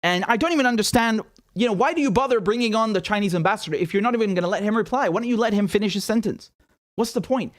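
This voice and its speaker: Male livestream commentator, higher-pitched, ranting with sarcastic exasperation. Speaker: host of political commentary show.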